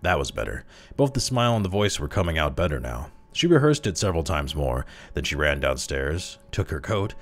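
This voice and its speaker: A man reading a dark short story aloud in an expressive, dramatic way that slows down for tense moments. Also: extremely low pitch, soft background music. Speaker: story reader.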